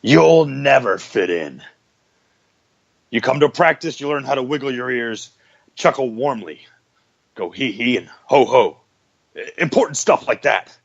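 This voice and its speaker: A man's voice: mid-range voice, lively intonation, a little slow, vocal fry, long pauses. A man doing a scolding elf boss. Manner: scolding, exasperated. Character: bossy male elf boss, impatient. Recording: dull lo-fi radio audio.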